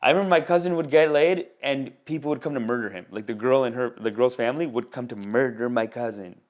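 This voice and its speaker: A man's voice: medium pitch, quick pace. A man from India, a stand-up comedian hosting a podcast, rambling through a casual comic monologue full of slang.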